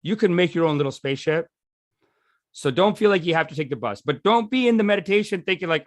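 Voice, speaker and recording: A man's voice: on the high side, animated, fast, dry recording, clean studio sound. A man teaching a meditation session in a loose, rambling, jokey way, often restarting his sentences. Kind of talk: casual teaching talk.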